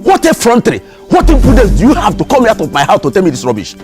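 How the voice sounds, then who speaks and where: A man's voice: high voice, wildly swooping pitch, fast. A man with a Nigerian accent playing a scornful landlord in a comedy skit, insulting and scolding. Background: music.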